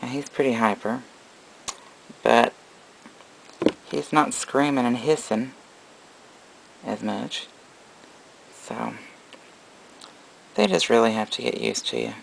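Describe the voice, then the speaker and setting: Gravelly-voiced man cooing over baby snakes. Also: medium pitch, slow pace, long pauses, a little hiss or hum, low-quality recording. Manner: cooing baby talk to animals mixed with plain explanation. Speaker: reptile breeder. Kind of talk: casual vlog narration.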